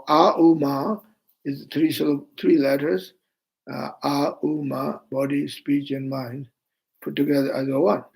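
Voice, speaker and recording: Slow gravelly man with a Tibetan accent. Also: a little high, darkish tone, rough recording. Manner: slow and halting, with many fillers; chants mantras slowly. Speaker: Buddhist teacher. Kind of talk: online dharma teaching.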